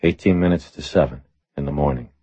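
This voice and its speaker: A man voicing a laconic, tough adult man who answers in short deadpan lines in an audiobook. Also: very deep voice, a little fast, husky, no room sound.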